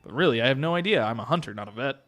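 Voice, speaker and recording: A gruff male hunter from a game, recounting his hunt in a low, hushed storyteller's voice with plenty of rise and fall. A man puts him on while reading the game aloud. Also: animated, rapid-fire, faint music behind, close to an everyday voice. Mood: matter-of-fact.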